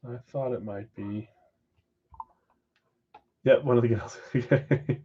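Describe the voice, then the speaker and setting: A man hosting a live-stream card break, briskly calling out names and assignments with chatty asides in between. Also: mid-range voice, mellow, highs cut off, slight background noise. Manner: brisk name-and-team roll call with chatty asides. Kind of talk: casual live-stream roll call.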